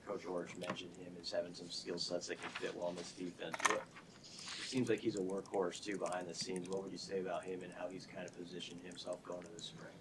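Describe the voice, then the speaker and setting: A male reporter with a low voice asks his question in an almost completely flat tone. He sounds distant from the mic, buried in loud background noise. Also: a little fast. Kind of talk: press conference question.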